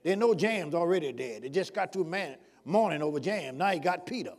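A man's voice: fairly high pitch, lively intonation, a little fast. A male preacher delivering a sermon, prodding the congregation with call-and-response questions.

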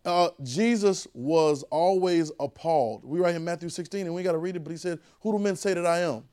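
A man preaching a conversational sermon, repeating phrases and rising to shouted calls. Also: fairly high pitch, fairly quick.

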